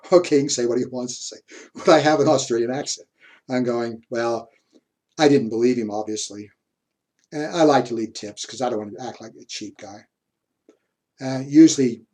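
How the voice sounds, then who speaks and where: A man gives a university history lecture at a mid-range pitch. He drifts into personal stories in a chatty, easygoing way and chuckles often as he talks. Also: moderate pace, pauses often, darkish tone. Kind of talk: classroom lecture with anecdotes.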